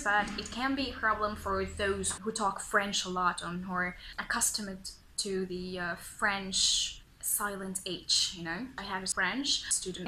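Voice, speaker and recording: A young woman from Tunisia teaching English pronunciation in a playful way, sounding out words slowly and carefully. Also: medium pitch, pushed and bright, a little hiss or hum, low-quality recording. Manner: playful, slow and carefully enunciated. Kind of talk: video pronunciation lesson.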